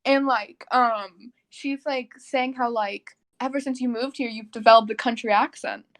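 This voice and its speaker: Her voice a little high with fairly even intonation, this young podcast co-host from Texas speaks at normal speed. The casual chat is rambling and filler-heavy, and she laughs often.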